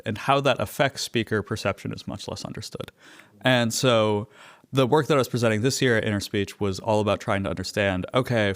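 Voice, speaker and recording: A young man, a researcher guest, explaining his work fluently and with enthusiasm in an interview. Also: on the low side.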